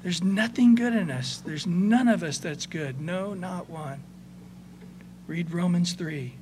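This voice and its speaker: A man preaching a sermon as pastor, conversational, moving between soft passages and emphatic points. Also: high voice, takes it slowly, slight background noise.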